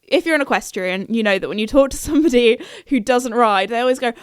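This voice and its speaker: A woman's voice: fast, smooth, no echo, clean studio sound. A young woman, hosting a podcast and telling a story in a casual, chatty, giggly way. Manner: chatty, giggly, jumps into high-pitched quoted voices. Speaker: podcast host.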